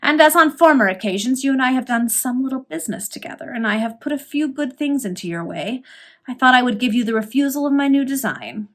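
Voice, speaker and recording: A woman voicing a pompous, ruined Victorian gentleman who flatters and schemes in an ingratiating, overly familiar way. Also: high voice, fast, pitched above the performer's own voice.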